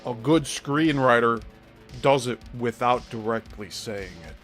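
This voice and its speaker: Male host, critical commentary, slow unhurried delivery, mid-pitched voice. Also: fairly bright tone, faint music behind. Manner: critical, explanatory.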